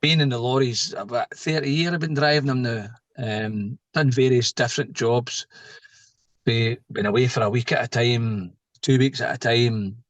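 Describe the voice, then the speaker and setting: In a dry, room-free recording, a Scottish lorry driver in middle age recounts an anecdote at a moderate pace. His mid-range voice comes alive as he casually chats and plays the different people in his story.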